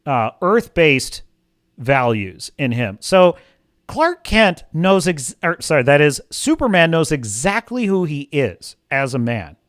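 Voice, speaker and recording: A man's voice: on the high side, very animated, slow pace, a bit bright, no room sound, clean studio sound. Passionate man hosting a film chat. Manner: passionate, opinionated. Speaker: livestream host. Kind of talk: casual film commentary.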